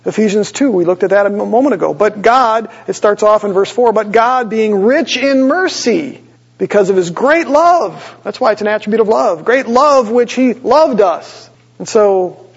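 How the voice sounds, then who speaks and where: Gravelly-voiced man teaching scripture. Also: high-pitched, a little mellow. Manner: reads scripture slowly with rising emphasis, asks the audience questions. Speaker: Bible teacher. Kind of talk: Bible study sermon. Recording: dull lo-fi recording.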